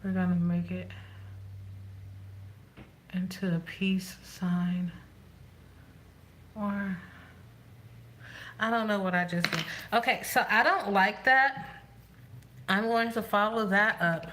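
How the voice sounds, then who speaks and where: A woman vlogger chatting casually to herself as she does her makeup, rambling and thinking out loud. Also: lowish voice, slow, long pauses, a little hiss or hum. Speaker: beauty vlogger. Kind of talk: casual chat while doing makeup.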